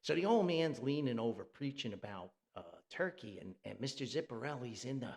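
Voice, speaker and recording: A man from New Jersey telling a funny story on a podcast, animated and chuckling, with rambling asides. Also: medium pitch, fairly quick, gravelly. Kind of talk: humorous storytelling.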